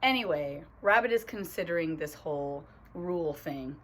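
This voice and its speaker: A bubbly young woman teacher reads a picture book aloud, chatting to the kids between pages and tossing in "right?" after her points. Her voice leaps up and down in pitch and sounds like a phone recording. There is a faint hiss of room noise behind her. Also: animated, normal speed, fairly bright tone. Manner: bubbly and chatty, lots of "right?" asides and giggles.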